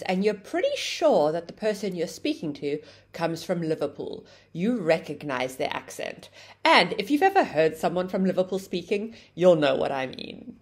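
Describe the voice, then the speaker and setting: Teaching English grammar, a woman explains things clearly and performs sample phrases with overdone rising and falling intonation. She has a lowish, slightly mellow voice.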